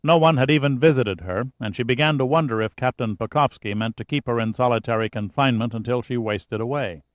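Brief: male audiobook narrator, even measured delivery, dry booth sound, a bit dull. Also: medium pitch, no echo. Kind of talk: scripted narration.

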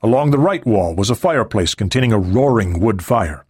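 A man narrating an audiobook in a steady, even storytelling voice. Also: fairly low pitch, a little fast, husky, no room sound, studio quality. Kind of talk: scripted narration.

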